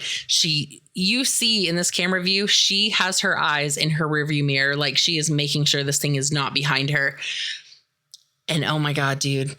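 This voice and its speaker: A woman hosting a podcast, casually recapping a horror film in an animated way and swearing freely. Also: sits low. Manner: animated, profane retelling. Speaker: podcast host.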